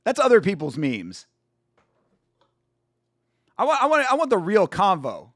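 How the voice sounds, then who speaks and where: Young dude streaming a fight watch-along, high voice, hyped and slangy, lots of cussing. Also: male voice, a little slow, dry recording, clean studio sound. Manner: excitable, slangy, swears, laughs often. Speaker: stream host. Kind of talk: casual live watch-along commentary.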